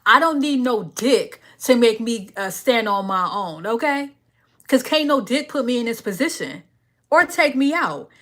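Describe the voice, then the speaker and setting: A woman's voice: a little high, fairly bright tone. Sassy woman ranting on a live stream. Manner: sassy, confrontational, rants at a commenter; reads chat under her breath. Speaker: livestream host. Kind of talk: live stream chat reply.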